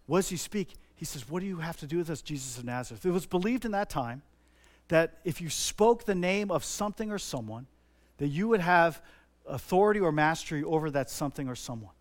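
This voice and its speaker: A middle-aged man preaching a sermon, earnest and repetitive, leaning hard on stressed words. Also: high voice. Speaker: pastor.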